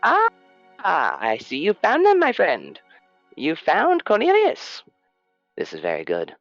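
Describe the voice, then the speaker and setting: Theatrical gnome shopkeeper, very high swooping voice, lively, dull dry sound, faint music behind. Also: male voice, takes it slowly, gravelly, no echo, heavily acted. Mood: pleased. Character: flamboyant floating male gnome shopkeeper, fussy and theatrical.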